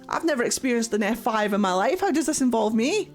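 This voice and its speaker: With game music playing in the background, a woman live-streams a game and chats with her viewers in a crude, giggly way, laughing often. She talks fast in a slightly high, expressive voice.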